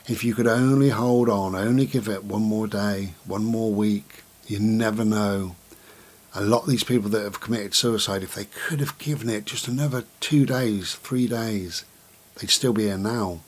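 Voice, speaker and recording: In a thoughtful vlog, a middle-aged man talks to the camera at a slow, gentle pace, full of pauses and repeated words, in a fairly low-pitched voice.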